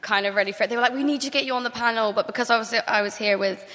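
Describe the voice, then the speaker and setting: Young British woman, chatty and laughing, high bright voice, theater hall echo. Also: rapid-fire. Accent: British English. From England. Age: young adult. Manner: chatty, laughs often, frequent "like". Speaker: guest actor. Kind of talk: casual chat on a live stage. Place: theater stage before an audience.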